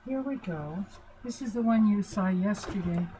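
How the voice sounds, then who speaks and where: A woman's voice: mid-range voice, lively intonation, normal speed, warm tone, a little hiss or hum, rough recording. An older woman giving an informal, chatty lesson at a board, asking her listeners questions to reassure them. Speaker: family relationship teacher. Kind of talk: informal talk at a whiteboard.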